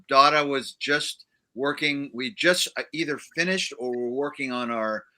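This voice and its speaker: Musician guy rambling thru an old studio story, lots of uhs, bright tone. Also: medium pitch. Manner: rambling, many fillers and restarts. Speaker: guest musician. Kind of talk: casual storytelling chat. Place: livestream studio.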